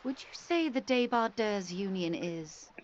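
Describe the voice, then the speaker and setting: An actress playing a calm, curious, talkative company negotiator in a video game, speaking politely and evenly. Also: female voice, lowish voice, moderate pace, highs cut off, slight background noise, close to an everyday voice.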